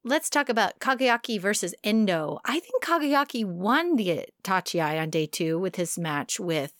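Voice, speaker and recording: A woman's voice: mid-range voice, animated, measured pace, fairly bright tone, no room sound, clean studio sound. A woman casually recapping sumo matches with a chatty, enthusiastic manner. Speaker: sumo commentator.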